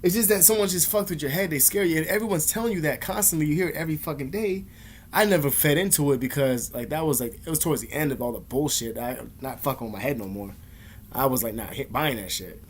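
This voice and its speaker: A man's voice: on the high side, fast talker, slight background noise. A man ranting casually to camera in rambling, profane slang. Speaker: vlogger.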